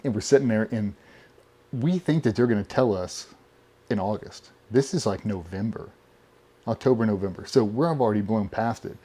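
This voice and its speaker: A man being interviewed, telling animated stories casually with plenty of swearing. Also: lowish voice, moderate pace. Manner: profane, animated storyteller. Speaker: podcast guest.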